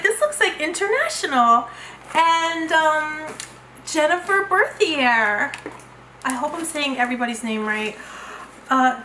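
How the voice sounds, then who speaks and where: A woman's voice: sits high, pushed and bright, roomy sound, slight background noise, poor audio. A woman beauty vlogger chatting through an unboxing, gushing and exclamatory as she talks to her viewers. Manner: gushing, effusive, frequent exclamations. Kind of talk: unboxing vlog chat.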